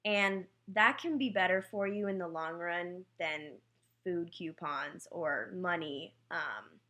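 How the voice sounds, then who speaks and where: Bright-voiced young woman telling a story. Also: lowish voice. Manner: candid, self-mocking storytelling with quick asides. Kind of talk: personal anecdote told casually.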